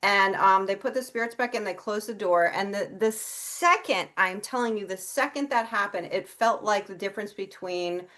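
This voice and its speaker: A woman's voice: mid-range voice, normal speed, few pauses, fairly bright tone. A middle-aged woman, an interview guest, telling a personal story in a candid, casual way and swearing freely. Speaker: interview guest, psychic and healer.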